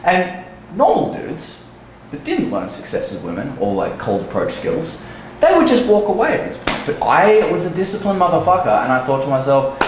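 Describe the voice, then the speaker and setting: A man's voice: on the high side, wildly swooping pitch, moderate pace, a little hiss or hum. A young man, a dating coach, telling a story casually in a blunt, profane way. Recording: echoey room.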